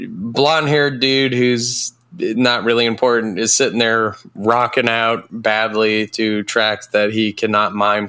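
A man's voice: medium pitch, pushed and bright, clean tone, dry recording. Laughing man recapping a movie. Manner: rambling, laughing, acts out lines in voices. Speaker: podcast co-host. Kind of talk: casual movie recap chat.

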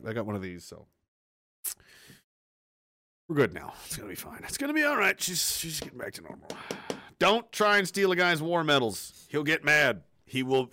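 A man rambles through a profane livestream rant, his bright voice leaping up and down with sudden shouted outbursts. He sits a bit above the usual pitch, and the sound is close and dry. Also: dry recording. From partly Nova Scotia, Canada. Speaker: livestream host.

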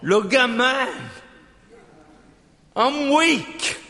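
A middle-aged man with slurred, effortful speech, preaching a slow, emphatic sermon with call-and-response. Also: very high-pitched, big pitch swings, pushed and bright. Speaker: evangelist. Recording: long hall reverb.

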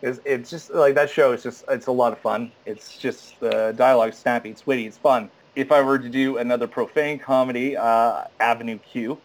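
A man's voice: mid-range voice, normal speed, hardly any pauses, rough recording. Rambling young man with lots of restarts. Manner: rambling and animated, full of fillers and restarts. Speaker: stage actor guest. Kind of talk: casual interview.

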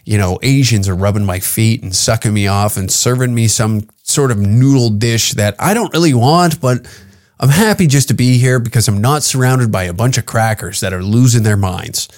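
A man's voice: medium pitch, moderate pace, a little mellow. A man from Canada, a comedian hosting his own podcast, ranting profanely and heatedly on his own. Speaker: podcast host and stand-up comic. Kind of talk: solo podcast rant.

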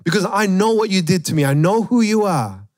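A man's voice: medium pitch, fairly quick, darkish tone, dry recording, clean studio sound, close to an everyday voice. A pastor voicing a healed blind man who speaks up boldly and eagerly.

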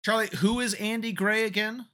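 Bright-toned man with wry interjections. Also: high voice, steady tone, brisk. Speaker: podcast co-host. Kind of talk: casual chat.

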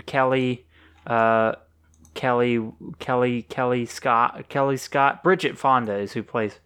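A young man co-hosting a casual podcast, recapping a film in a loose, animated way. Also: mid-range voice, slow, clean tone. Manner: rambling, animated movie recaps with put-on voices. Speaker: podcast co-host. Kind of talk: casual chat.

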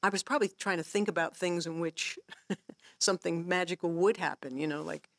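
Gravelly woman telling songwriting stories. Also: fairly low pitch, brisk, dry recording. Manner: animated storyteller, acts out her own inner voice; laughs often while explaining. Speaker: songwriting guest teacher. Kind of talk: casual workshop talk.

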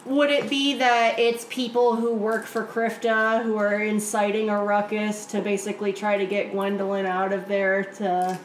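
A woman's voice: medium pitch, little pitch movement, moderate pace, hardly any pauses. A female player asking thoughtful questions during a tabletop game. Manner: inquisitive, thoughtful. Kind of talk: casual tabletop play. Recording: roomy, background noise.

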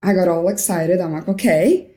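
A woman's voice: lowish voice, moderate pace, warm tone. A young woman from Norway, a podcast guest, telling a story with animation and acting out the quoted voices. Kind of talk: storytelling interview. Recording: roomy echo.

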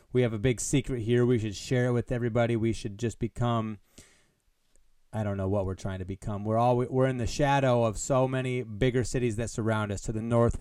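A man's voice: lowish voice, warm tone, clean tone, no echo, studio quality. A man hosting his own comedy podcast solo, rambling in a joking, mock-grandiose way. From American Midwest. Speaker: podcast host. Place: Des Moines. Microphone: headphones on, home podcast mic.

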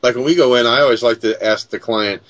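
A man's voice: mid-range voice, fast, fairly bright tone. A man hosting a casual chat who talks in a rambling way, restarting sentences and leaning on filler phrases. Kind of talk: casual conversation.

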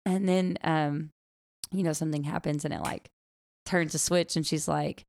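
A young woman chats casually about motherhood, her voice sitting a bit low with a gravelly edge. She is animated and full of "like" fillers, and pops up into a high voice to act out what she and others said. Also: moderate pace. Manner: animated, many "like" fillers, acts out quotes in a high voice. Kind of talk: casual chat.

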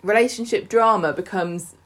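A woman co-hosting a podcast, chatting casually and joking wryly while recapping a soap opera. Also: medium pitch. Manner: chatty, wry, quick to joke. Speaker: podcast co-host.

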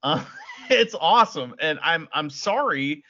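Relaxed male podcast co-host with a bright, forward voice, rambly and good-humored; dull audio. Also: fairly high pitch, measured pace. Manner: laid-back, laughing, hedges with "you know". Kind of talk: casual podcast chat.

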